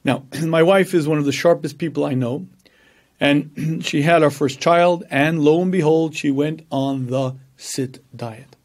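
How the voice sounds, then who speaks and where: A man giving a religious lecture, telling stories with animation and acting out voices, often clearing his throat. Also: fairly high pitch, unhurried. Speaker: rabbi and lecturer. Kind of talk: Torah lecture.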